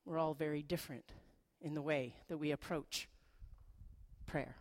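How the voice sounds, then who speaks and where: A middle-aged woman pastor giving a sermon in a conversational, animated way, with playful asides. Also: sits low, moderate pace.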